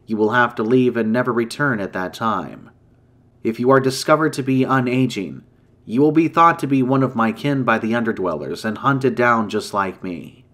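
A man voicing an ancient, grave female dragon in human form, speaking in a measured, formal way in a campfire story. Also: mid-range voice, a bit bright, natural voice. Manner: solemn, measured, formal speech.

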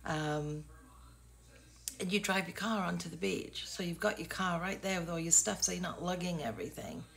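Gravelly low-voiced English woman in her sixties. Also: normal speed, fairly bright tone. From England. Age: 60s. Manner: chatty, rambling, self-deprecating. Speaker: vlogger. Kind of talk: casual vlog chat.

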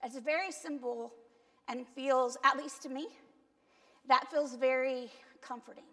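A Cuban woman pastor with a Cuban accent delivers a conversational sermon, questioning the congregation and poking fun at herself. Her voice is high, pushed and bright, with a steady tone and measured pace, and church hall reverb colors the sound.

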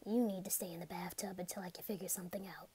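A woman performs a whispered role-play, talking to the listener in a soft, hesitant way. She often slips into a full whisper. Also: on the low side, steady tone, rapid-fire, slightly rough.

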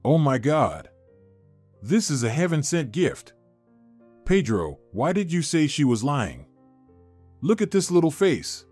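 Rosa, a tender young wife and mother in a spoken storybook, soft and emotional, her voice lifting higher when moved, as a man reads her lines. A gentle, heartfelt figure. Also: sing-song, measured pace, long pauses, faint music behind. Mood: astonished.

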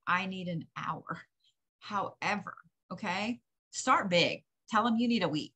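A woman's voice: mid-range voice, unhurried, a bit bright, breathy edge. A woman doing a channeled psychic reading, talking straight to the listener with blunt, profane, emphatic advice. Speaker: psychic reader. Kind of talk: channeled reading, direct address.

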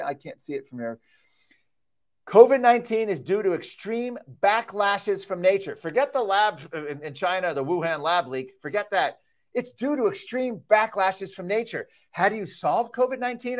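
A man's voice: high voice, animated, a little fast. A man giving a heated, sarcastic keynote speech at a conference, reading out quotes and getting worked up. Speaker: keynote speaker. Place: conference hall.

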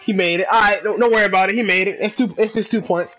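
A man giving excitable, trash-talking commentary while he plays a game, dropping to low mutters and then bursting into shouts. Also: fast, faint music behind. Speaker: gamer. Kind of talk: live gameplay commentary.

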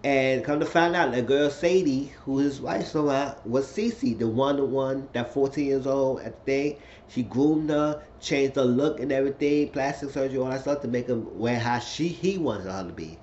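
A man giving a rambling, excitable casual recap of a TV episode. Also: medium pitch, normal speed, few pauses. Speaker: TV episode reviewer. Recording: slightly dull lo-fi recording, faint noise.

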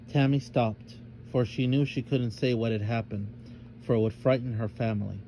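A man's voice: mid-range voice, fairly even intonation, normal speed, warm tone, a little hiss or hum, poor audio. A man narrating a children's storybook aloud, voicing each character expressively.

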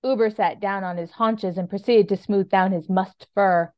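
A woman author reading her fiction aloud in an expressive storytelling manner, on a dull lo-fi recording. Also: mid-range voice, normal speed, no room sound, studio quality.

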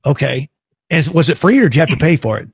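A man as host, asking slow clarifying questions in a casual interview. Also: a little high, animated, husky, no room sound, studio quality.

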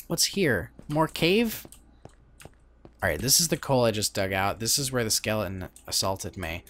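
A man giving rambling, excitable commentary as he plays a video game. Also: lowish voice. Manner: rambling, self-interrupting, excitable. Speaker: let's play host. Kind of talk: casual gameplay commentary. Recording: game music playing behind.

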